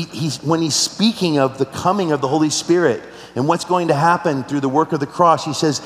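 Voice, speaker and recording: Earnest man preaching in a reverberant hall. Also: fairly high pitch. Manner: earnest, personal storytelling with rhetorical questions. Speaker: pastor. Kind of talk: sermon. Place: large church hall. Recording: roomy hall with long reverb.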